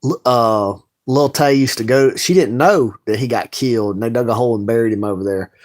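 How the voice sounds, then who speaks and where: Guy rambling on his late night live, blunt, lots of cussing, regular pitch. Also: a little fast, darkish tone. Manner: blunt, rambling, heavy profanity. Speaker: livestream host. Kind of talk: late-night casual livestream rant.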